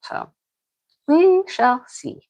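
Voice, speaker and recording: A woman's voice: high voice, expressive, very slow, a little mellow, low-quality recording. Chatty woman crafting vlogger. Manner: chatty, rambling, repeats herself. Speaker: crochet vlogger. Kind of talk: casual chat to viewers.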